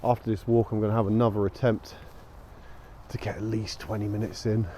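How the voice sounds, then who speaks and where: A man's voice: on the low side, little pitch movement, fairly quick, warm tone, slight background noise. Tired man rambling on a walk. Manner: rambling and easygoing, with frequent fillers. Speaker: vlogger walking his dog. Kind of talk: casual walk-and-talk chat. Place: outdoors on a local street at dusk. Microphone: small action camera.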